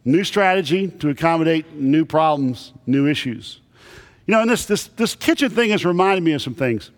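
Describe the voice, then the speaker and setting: A man's voice: a little high, lively intonation, moderate pace. A man preaching a sermon to a congregation, telling folksy, humorous stories. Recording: long reverb of a big hall.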